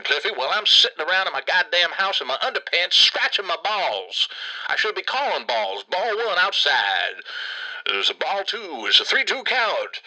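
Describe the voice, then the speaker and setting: A man's voice: high-pitched, bright, forceful tone, exaggerated voice, low-quality recording. A man voicing a crude, bitter uncle who was fired as a baseball announcer, ranting profanely in a comedic monologue. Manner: profane, ranting, repetitive, keeps naming the listener. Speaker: comedic character rant.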